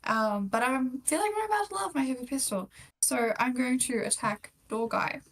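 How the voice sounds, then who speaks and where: Gravelly-voiced woman at a tabletop game. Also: high voice. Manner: excited, quick to cheer. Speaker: player. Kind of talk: casual tabletop game chat.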